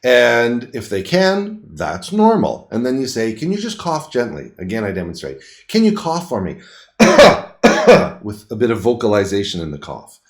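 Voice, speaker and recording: A middle-aged man teaching a paramedic exam, his pitch rising and falling a lot as he explains each step. He speaks in plain, everyday words. He stops now and then to show the moves himself. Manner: lively, plain-spoken teaching with quick demonstrations. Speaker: paramedic instructor. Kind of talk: demonstrating a clinical exam on camera.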